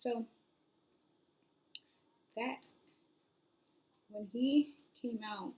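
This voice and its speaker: A young woman telling her own story in a casual vlog, rambling with lots of "like" fillers and sometimes dropping to a soft near-whisper. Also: on the high side, steady tone, extremely slow. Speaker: new mother vlogger.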